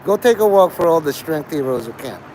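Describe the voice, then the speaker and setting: A man's voice: a little high, lively intonation, a little fast, dark tone, slight background noise, low-quality recording. A man hosting a livestream, talking to his chat in a crude, rambling way and laughing at his own jokes. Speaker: livestream host.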